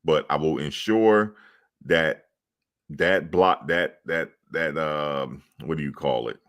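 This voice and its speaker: Very deep-voiced man telling animated stories. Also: slow. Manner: loud, emphatic, profane, acts out quoted exchanges. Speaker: sports show host. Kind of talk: animated casual storytelling.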